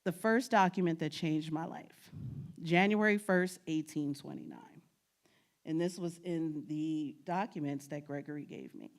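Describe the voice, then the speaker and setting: A woman with a low, very animated voice speaks at a measured pace. She is a New York guest speaker giving a lighthearted talk about genealogy research, telling stories, laughing often, and addressing the audience head-on.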